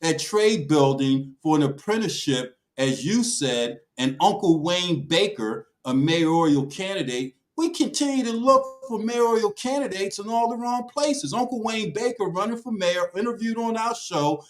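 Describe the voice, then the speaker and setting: A man's voice: high-pitched, animated, normal speed, hardly any pauses, low-quality recording. A man speaking emphatically on a talk show panel, with a preaching cadence that rises and falls.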